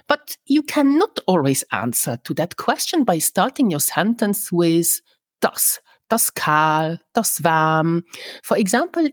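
Slow, low-voiced woman teaching a language. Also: dry recording, clean studio sound. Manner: slow, careful model pronunciations for repeating. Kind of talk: language lesson.

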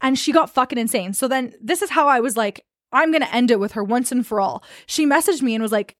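A young woman co-hosting a podcast, telling a story in casual chat, animated and swearing as she acts out quotes. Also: on the high side, fast talker, hardly any pauses, no echo, studio quality. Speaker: podcast co-host.

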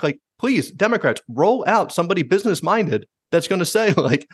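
A man hosting a podcast in casual chat, talking fast and swearing freely, acting out quotes in mocking voices. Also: a little high, slightly rough, no echo, studio quality. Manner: fast, animated, swears a lot, acts out quotes in jokey voices. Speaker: podcast host.

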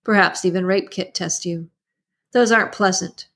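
A woman's voice: on the low side, steady tone, normal speed, a bit bright. A woman reading as a tense male kidnapper. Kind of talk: audiobook character reading.

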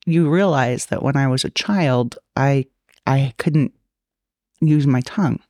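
A woman's voice: a bass voice, slow pace, mellow, no room sound. Woman podcast co-host, slight lisp, rambling and jokey, dry close sound. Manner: rambling, jokey, laughs often. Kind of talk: casual banter.

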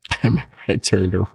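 A young man, a podcast guest, telling a childhood story in lively casual talk and laughing often. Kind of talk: casual chat.

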